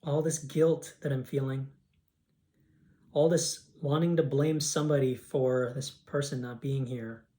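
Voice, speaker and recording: A man's voice: medium pitch, steady tone, a little slow, mellow. A man coaching a guided tapping session, voicing grief affirmations aloud for the listener to repeat. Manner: leads scripted affirmations, speaks emotions aloud.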